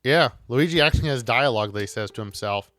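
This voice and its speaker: A man's voice: medium pitch, fast, fairly bright tone, faint music behind. A man casually commenting on a video game he is playing, chatty and rambling. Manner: chatty, rambling, with many fillers and restarts. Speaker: let's play host.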